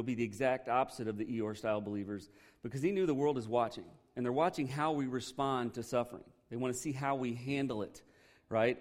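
A man's voice: medium pitch, a little mellow. A man preaching a sermon as pastor in a loose, conversational way, joking and asking the congregation questions.

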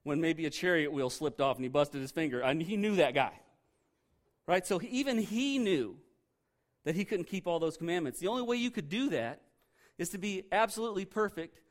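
A pastor delivering a sermon in an animated, conversational way, his voice sitting a little higher than most men's. He jokes and throws rhetorical questions at his congregation as he reads and unpacks scripture. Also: fairly quick.

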